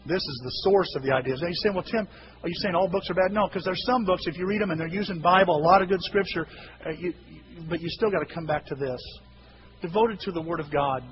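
A male pastor preaching a sermon, telling stories with lively acted-out voices and sudden shouts. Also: high-pitched, quick pace. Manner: animated storytelling, acting out voices with shouts. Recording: dull lo-fi recording with hiss.

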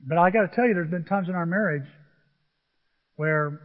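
An older male pastor with a high voice delivers a sermon, animated and storytelling. His voice carries a long reverb from a large hall. The recording sounds a little dull. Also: normal speed.

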